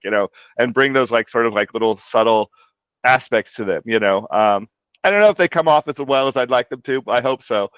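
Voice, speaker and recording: A man's voice: mid-range voice, fairly bright tone, clear, resonant tone, no room sound. A man guest talking casually about translating a comic, rambling with lots of "like" and "you know". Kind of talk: casual interview talk. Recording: dull lo-fi dry audio.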